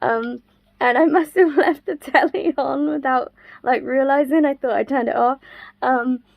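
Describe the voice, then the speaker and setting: A woman's voice: sits high, measured pace, creaky, a little mellow, no room sound. A woman telling a story in a chatty, giggly way at home. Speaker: vlogger. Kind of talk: casual vlog storytelling.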